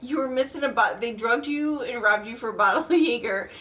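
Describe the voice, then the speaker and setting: A woman in a casual chat who teases and throws in quick jokes and reactions. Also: on the high side, far from the mic, noisy background. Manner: teasing, quick joking reactions.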